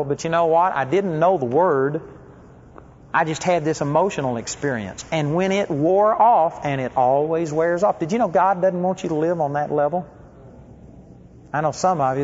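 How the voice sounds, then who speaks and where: A man with a high voice preaches to a congregation, telling stories and asking his listeners direct questions. His voice rings through a large hall. The recording is dull and lo-fi. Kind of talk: sermon. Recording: echoey hall, dull lo-fi sound.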